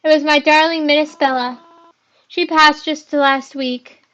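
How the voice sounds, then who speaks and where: A woman's voice: high voice, steady tone, unhurried, fairly bright tone, muffled recording. A girl voicing a heartbroken grieving mother. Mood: startled. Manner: sorrowful, tearful, apologetic. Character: grieving mother of a dead young woman.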